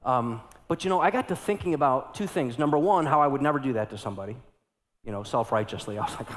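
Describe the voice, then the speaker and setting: Animated preacher in a reverberant hall. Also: male voice, medium pitch, fast. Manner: animated, swings from hushed storytelling to loud exclamations. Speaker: pastor. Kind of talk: sermon.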